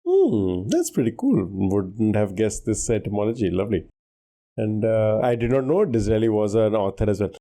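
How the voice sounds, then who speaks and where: A man with a mellow, warm tone chats with his co-host on a quiz podcast. He thinks aloud through his guesses, restarts his sentences and laughs easily. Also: fairly low pitch, big pitch swings, normal speed. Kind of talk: casual podcast chat.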